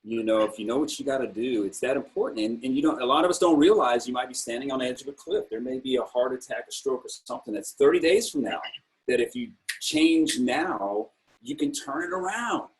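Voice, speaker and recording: A man's voice: mid-range voice, lively intonation, a little fast, rough recording. A middle-aged man hosting an interview, casual and emotional, often calling his guest bro. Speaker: interview host, program creator.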